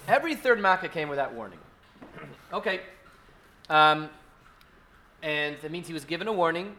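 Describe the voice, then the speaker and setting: A man's voice: on the high side, lively intonation, normal speed, long pauses, pushed and bright, slight background noise. A man teaching an informal Torah class at an indoor gathering, speaking in a conversational way full of fillers and restarts.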